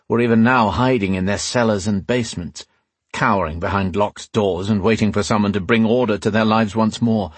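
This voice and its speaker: A man reads a fantasy novel aloud at a measured, steady pace. His voice sits low with a husky grain. The recording is dry and close, with no room sound. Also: no room sound. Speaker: audiobook narrator. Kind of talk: scripted fantasy narration.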